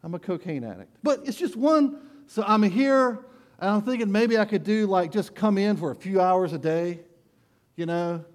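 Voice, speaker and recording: A smooth-talking male addict in denial, as a preacher puts him on in a sermon. He sounds breezy and self-assured, pleading sweetly in a voice pitched noticeably higher. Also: expressive, normal speed.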